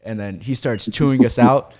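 A man's voice: medium pitch, moderate pace, warm tone. A man on a podcast telling a team story, laughing often as he goes. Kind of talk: casual storytelling chat.

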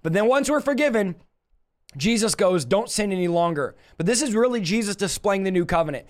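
High-pitched male preacher, emphatic livestream Bible teacher who addresses viewers directly. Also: lively intonation, brisk.

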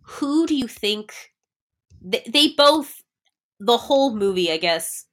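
A woman's voice: on the high side, slow pace. Chatty rambling woman co-host. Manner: rambling, animated, many fillers and restarts. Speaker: podcast co-host. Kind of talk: casual chat about a movie.

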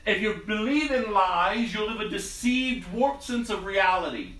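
A man's voice: high voice, expressive, unhurried, a bit bright, echoey room, far from the mic, rough recording. A man preaching a sermon in a conversational, storytelling way. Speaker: pastor.

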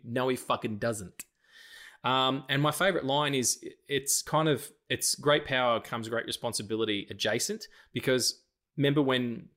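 A man co-hosting a podcast, chatting casually and animatedly with frequent swearing. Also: mid-range voice. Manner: animated, sweary, quotes lines from films. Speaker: podcast co-host. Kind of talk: casual chat.

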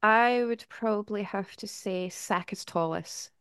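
A woman's voice: medium pitch, a little slow, fairly bright tone, clean tone, no room sound, studio quality. A woman guest on a podcast, chatting casually and joking in a laid-back way.

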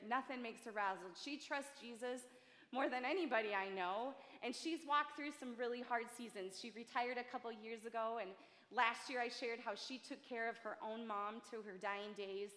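Chatty bright-voiced woman preaching in a hall. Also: a little high. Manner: chatty, self-deprecating, earnest. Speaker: church speaker. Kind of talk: sermon. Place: large church hall. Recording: echoey church hall, long reverb.

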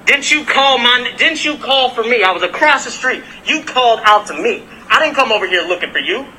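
A man confronts someone outdoors on a residential street, angry, profane and relentless, filming the exchange on his phone. His voice sits very high for a man and has a sharp, piercing edge. A faint hum of street noise runs behind him. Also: expressive, a little fast, poor audio. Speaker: delivery worker.

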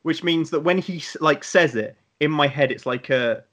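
Young british guy rambling off on tangents, bright forceful voice. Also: fairly high pitch, moderate pace, dull audio. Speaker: podcast co-host. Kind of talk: casual chat.

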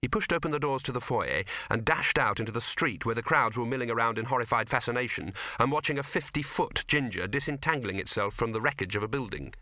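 A medium-pitched male narrator delivers a scripted audiobook reading at an even, measured pace. The studio recording is clean, with no room sound at all.

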